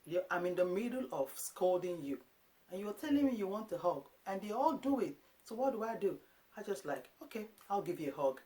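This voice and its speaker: An animated woman from Africa, in her thirties, talks to camera about raising her kids. Her chat is casual and lively, and she often drops into short acted-out lines of her own and her sons'. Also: mid-range voice, brisk. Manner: animated, acts out quotes of herself and her sons. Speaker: parenting vlogger.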